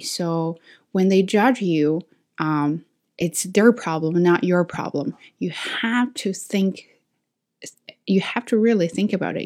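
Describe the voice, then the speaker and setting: A woman's voice: on the low side, a little mellow. A woman teacher, not a native English speaker, talking her students through a reflective lesson with frequent restarts and self-corrections.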